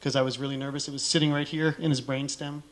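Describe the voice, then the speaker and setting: A man's voice: medium pitch, flat delivery, fast. A middle-aged man speaking on a conference stage, telling a candid personal story in a casual way and acting out the dialogue he quotes.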